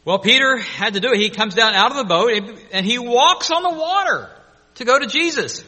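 A man preaching a sermon, telling a story in an earnest, animated way. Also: very high-pitched, normal speed. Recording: long hall reverb.

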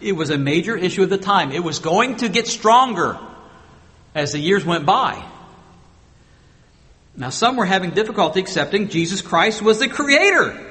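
A man preaching a sermon with emphatic rhetorical questions, moving between loud stressed phrases and quiet asides. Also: high voice, lively intonation, moderate pace, pauses often, long reverb tail. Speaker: pastor.

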